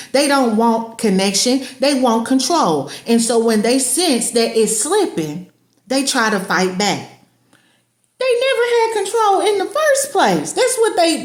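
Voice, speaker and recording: A woman with a drawl delivers a fervent spiritual talk in a high voice. She drives each point home with "listen", "right?" and "y'all". The sound carries a roomy echo. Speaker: spiritual teacher. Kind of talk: emphatic motivational monologue.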